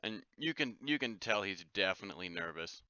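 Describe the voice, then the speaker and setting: A man narrating a tabletop game as game master, in a casual, halting way. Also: lowish voice, expressive, background noise. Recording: dull, lo-fi dry sound.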